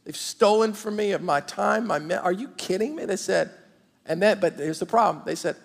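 A man with a high, gravelly voice preaches a lively sermon and talks straight to his congregation. His voice carries a long reverb from a big church hall. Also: normal speed. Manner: animated preaching, direct address to the congregation. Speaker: pastor. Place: large church auditorium.

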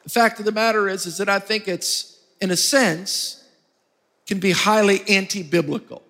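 A man's voice: sits high, sharp tone. A man preaching a sermon as pastor, emphatic and drawing spoken responses from the congregation. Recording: long hall reverb.

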